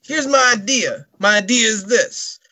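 A man putting on a laid-back stoner man scheming up a plan, with a drawn-out, rambling delivery. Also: high voice, expressive, sharp tone, pitched above the performer's own voice, full character voice.

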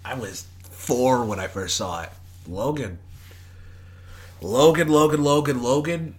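A young man co-hosting a casual podcast, talking in a playful, jokey, animated way. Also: medium pitch, measured pace. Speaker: podcast co-host. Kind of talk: casual chat.

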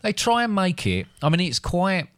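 A man's voice: high voice, wildly swooping pitch, moderate pace, a bit bright, no echo, clean studio sound. A middle-aged man, a father co-hosting a casual podcast chat, talkative and prone to laughing and trailing off. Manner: chatty, laughs often, trails off mid-sentence.

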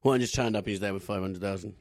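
A man's voice: fairly low pitch, fast talker, a little mellow, no room sound, clean studio sound. A man co-hosting a podcast, chatting casually and telling anecdotes with comic voices. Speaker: podcast co-host. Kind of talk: casual chat.

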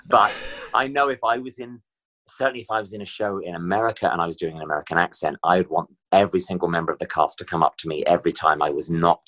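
A middle-aged man from Britain, telling stories as an interview guest. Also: deep voice. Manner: chatty, animated storyteller. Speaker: guest performer. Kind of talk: casual interview chat.

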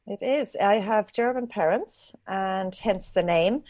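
A woman's voice: medium pitch, unhurried, no echo. Laughing woman with a rural Irish accent. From Ireland. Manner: warm, laughs often while talking. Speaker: guest, dressage rider. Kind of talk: casual interview chat.

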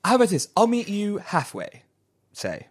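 A man's voice: high-pitched, wildly swooping pitch, moderate pace, breathy edge, voice pushed up, full character voice. A man voicing a nervous young female security guard who apologizes and stalls politely. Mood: placating.

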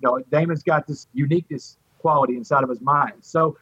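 Here the Port Arthur, Texas native speaks slightly high, slightly fast and a little rough while recounting his own story in an interview. He's lively, imitating others' voices, and the sound is flat, dry and low-fidelity.

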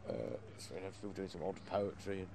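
A man telling an animated anecdote, acting out quotes and laughing as he goes. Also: deep voice, a little fast. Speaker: performer. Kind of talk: anecdote in casual chat.

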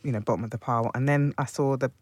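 A man's voice: mid-range voice, fairly even intonation, very fast, breathy edge, dry recording. Man co-host, casual chat, thoughtful, mid voice, dry close sound. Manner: thoughtful, searches for words. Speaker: podcast co-host. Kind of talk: casual panel discussion.

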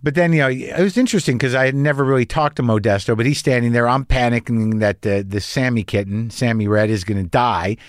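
A man's voice: mid-range voice, fast talker, few pauses, no room sound, clean studio sound. A man telling a rambling, anxious story in a casual monologue, swearing and restarting often, as a podcast host.

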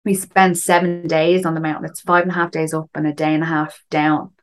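A woman's voice: deep voice, flat delivery, a little fast. A woman telling a story in a casual chat, full of fillers and asides. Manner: chatty, frequent fillers and "do you know". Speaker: guest recounting a climb.

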